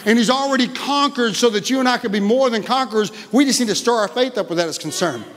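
A male pastor preaching a lively sermon in a church, often calling out "Amen?" to the congregation. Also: very high-pitched, fast, a little hiss or hum. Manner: energetic, exclaiming, frequent "Amen?" to the congregation. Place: church sanctuary. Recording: long reverb of a large hall.

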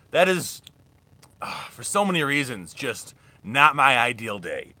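A man's voice: a little high, lively intonation, normal speed, pushed and bright, no room sound. A young man rambling casually through a live thrift haul as a reselling vlogger. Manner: rambling, chatty, restarts often.

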